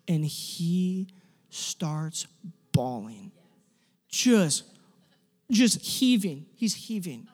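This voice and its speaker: A young man giving a sermon, telling stories in an animated, self-deprecating way with quick restarts. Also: fairly high pitch. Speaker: pastor. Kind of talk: sermon storytelling. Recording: echoey hall.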